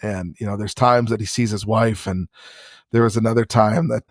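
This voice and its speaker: A man's voice: lowish voice, fairly even intonation, normal speed, dry recording, studio quality. A man co-hosting a casual podcast, telling stories in a frank, profane way. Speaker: podcast co-host.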